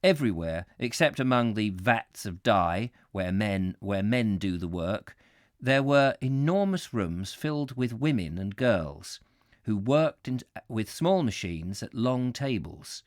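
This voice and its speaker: Reading a book aloud on a live stream, this host chats between passages and laughs at his own verbal slips. His lowish voice is expressive and measured in pace, captured in echo-free studio quality.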